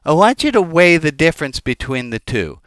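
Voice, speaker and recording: A rabbi delivers an informal teaching sermon, chatting conversationally with the congregation, drifting into tangents and cracking jokes. His voice is a little high and sing-song, fairly bright, and fairly quick, with no echo.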